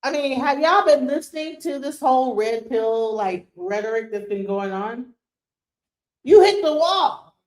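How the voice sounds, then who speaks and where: Ranting profanely and firing off rhetorical questions, a middle-aged streamer hosts livestream commentary on a clip. She speaks at a moderate pace in a slightly high, steady tone with hardly any pauses, and her room echoes noticeably.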